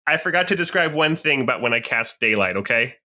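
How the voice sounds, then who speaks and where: A man playing in a tabletop game, describing his character's actions deliberately with many ums. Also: medium pitch, animated, sharp tone. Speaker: player. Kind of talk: casual tabletop game play.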